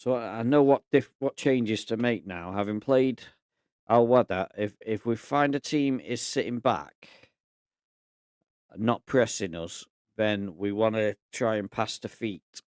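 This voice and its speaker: A man casually commentating on his management game, thinking aloud in a relaxed, chatty way. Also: lowish voice, a little slow, clear, resonant tone, no room sound, clean studio sound. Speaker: gaming YouTuber.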